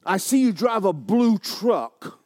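Man putting on a surly truck driver, belligerent, blustering, taunting, pitched a bit higher than his own voice, jumpy delivery. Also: very animated, slow pace, a little mellow, exaggerated voice.

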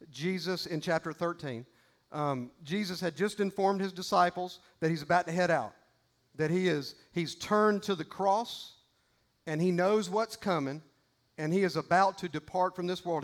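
A man preaching a sermon, conversational and earnest, reading scripture aloud with casual asides to the congregation. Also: high voice. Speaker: pastor.

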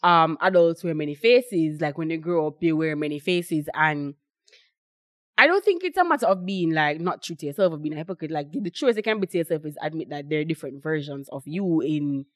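Casting: young Jamaican woman, lowish voice, loose rambling chat, dry close sound. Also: animated, fairly quick, no room sound. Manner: rambling, filler-heavy, quotes others. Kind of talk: casual chat.

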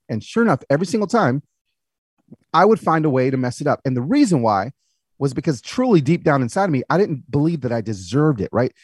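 A man's voice: medium pitch, husky, no echo, studio quality. A man in his thirties, a podcast guest and author, telling personal stories in conversation and acting out the people he quotes. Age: 30s.

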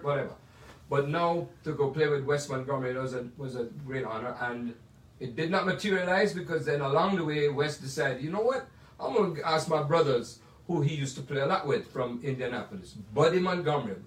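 A man's voice: on the high side, a bit bright. An older man from Jamaica with a Jamaican accent, telling rambling stories about his life as a jazz pianist, full of digressions and asides. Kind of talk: casual storytelling. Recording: roomy sound from a distant mic.

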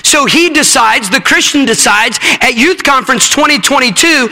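A fervent male preacher with a strikingly high, bright, forceful voice leads a sermon and a demonstration on stage. His words ring out with a long reverb across a large hall. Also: animated, normal speed, vocal fry, hardly any pauses. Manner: fervent, directs helpers on stage.

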